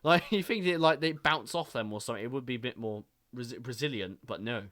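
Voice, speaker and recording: A man's voice: mid-range voice, fast talker, a bit bright. A young man hosting a casual online podcast chat, rambling, swearing a lot and laughing often. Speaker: podcast host.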